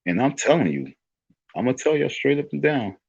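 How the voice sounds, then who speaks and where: A man's voice: mid-range voice, very animated, a little fast, vocal fry, darkish tone, husky, no room sound. Rambling man with a dull, lo-fi sound. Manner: rambling, storytelling, with frequent restarts. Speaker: online talk show host. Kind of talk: casual monologue.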